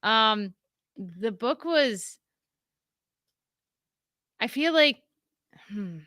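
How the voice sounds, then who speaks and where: A woman co-hosting a casual talk show, chatty and quick to laugh, with many fillers. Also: on the high side, lively intonation, pushed and bright, no echo, clean studio sound. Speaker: podcast co-host. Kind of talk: casual chat.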